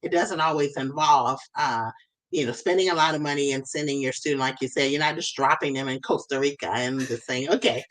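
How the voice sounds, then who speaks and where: A woman's voice: extremely low pitch, brisk, rough recording. A woman hosting a casual interview, chatting and affirming her guest with frequent agreement. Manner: warm affirming interjections, conversational. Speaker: host.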